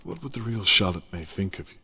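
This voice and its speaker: A man's voice: low-pitched, lively intonation, fast talker, gravelly, background noise. A man voicing a captive male detective in a video game, urgent and pleading. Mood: confronting.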